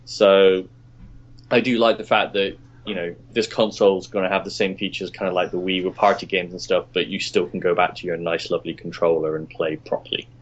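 A lower-voiced man sharing his opinions on a casual podcast. He hesitates often and fills the gaps with ums. The audio is dull and lo-fi. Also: level tone, a little fast. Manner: hesitant, many ums while giving opinions. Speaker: podcast co-host.

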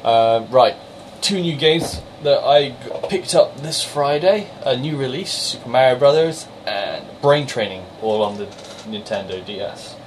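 A man's voice: medium pitch, lively intonation, background noise. A man with a Somerset accent co-hosting a podcast, chatting in a jokey way and reviewing games. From Somerset, England. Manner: chatty, jokey, quick to laugh. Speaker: podcast co-host. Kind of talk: casual banter and game reviews.

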